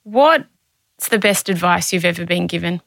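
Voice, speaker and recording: Female podcast host, lower voice, calm interviewer. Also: unhurried, creaky, dry recording, clean studio sound. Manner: brief affirming murmurs, calm questions. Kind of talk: interview questions.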